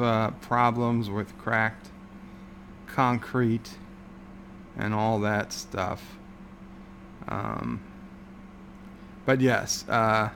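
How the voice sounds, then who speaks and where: Male livestream host, gravelly, slow-talking, sarcastic rambler, faint hum in the room. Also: mid-range voice, fairly bright tone. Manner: rambling, sarcastic, many filler words. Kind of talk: casual livestream chat.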